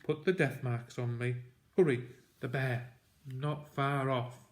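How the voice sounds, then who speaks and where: A man reading a storybook aloud, voicing a dying hunter father who speaks gravely in short, breathless phrases. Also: medium pitch, steady tone, takes it slowly, natural voice. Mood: weary.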